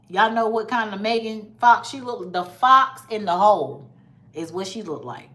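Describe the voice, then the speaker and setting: A woman's voice: fairly high pitch, animated, normal speed, bright, forceful tone. Sassy, blunt woman gossiping. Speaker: vlogger. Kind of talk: casual commentary.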